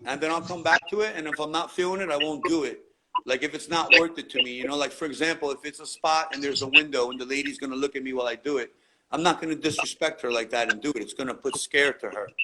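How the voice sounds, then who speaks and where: Loud noise surrounds this casual interview, where a graffiti writer from New York rattles off stories at a quick pace. His voice runs high, and he stays relaxed, swearing liberally in street slang.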